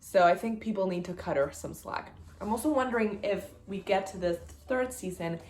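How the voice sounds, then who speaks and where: A young woman book vlogger talking casually about a novel, chatty and excitable. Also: medium pitch, moderate pace. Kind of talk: casual chat. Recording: roomy echo.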